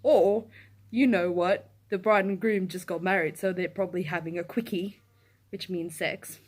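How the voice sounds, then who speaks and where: A woman's voice: on the low side, normal speed. A young woman telling a story to camera in a casual rant, swearing, laughing and acting out what people said. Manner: animated, swears, breaks into laughter, acts out quotes in shouts. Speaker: vlogger. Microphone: camera in front of her.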